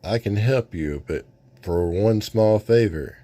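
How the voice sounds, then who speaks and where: A man playing a scheming comic-book demon who draws out every slow word. His voice is dark and low, and it stays measured and sinister. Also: dry recording.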